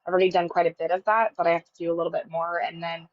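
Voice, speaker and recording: Lady calling into a stream, low calm voice, matter-of-fact, muffled dry call audio. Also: racing, no echo. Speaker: caller on a livestream. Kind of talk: casual chat.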